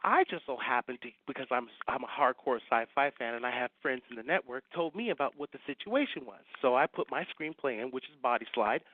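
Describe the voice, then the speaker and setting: A man, a science fiction writer, telling an animated anecdote as a guest and acting out the people he quotes. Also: mid-range voice, a little fast, hardly any pauses, no room sound, phone-quality sound. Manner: lively storyteller acting out quoted voices.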